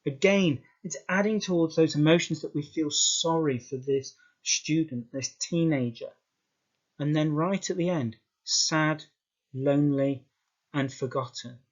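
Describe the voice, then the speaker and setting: A man with a British accent, teaching an English exam skills lesson in a slow, emphatic way, repeating words for stress. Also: fairly high pitch. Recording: dull lo-fi sound.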